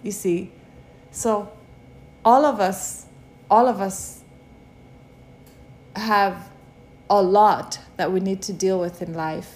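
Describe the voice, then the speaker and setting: A woman giving a devotional sermon, preaching slowly with many repeated rhetorical questions. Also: mid-range voice, steady tone. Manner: slow, repetitive rhetorical preaching.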